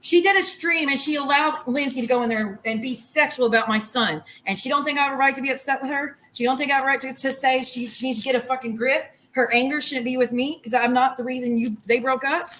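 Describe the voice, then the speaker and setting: A woman's voice: high-pitched, fast, few pauses, fairly bright tone, low-quality recording. A woman on a livestream, ranting in a heated, profane and rambling way while cooking in her kitchen. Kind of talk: angry livestream rant.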